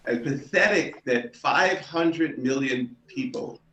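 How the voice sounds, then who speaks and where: An older man, a performer at an online open mic, talking in a casual, unhurried, rambling way over a video call. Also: a little high, pushed and bright, far from the mic. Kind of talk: casual chat and joke telling. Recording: roomy, dull video-call audio.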